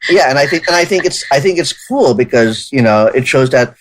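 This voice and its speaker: A man in a relaxed podcast chat, with a voice of ordinary middle pitch. He talks at length and keeps thinking out loud, restarting his sentences as he goes. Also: brisk, a little hiss or hum, poor audio. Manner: talkative, thinks aloud with many restarts. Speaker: podcast co-host.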